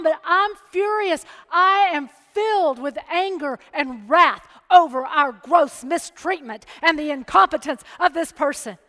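A woman's voice: sits high, unhurried, hardly any pauses, pushed and bright, in a large hall. A woman giving a sermon, moving from storytelling into emphatic preaching. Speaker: speaker at a church or chapel.

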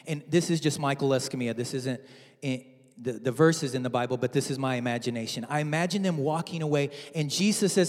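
A man's voice: mid-range voice, steady tone, a little fast, darkish tone. A man preaching a sermon in a church, telling a story playfully with many repeats. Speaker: pastor. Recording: hall with long reverb.

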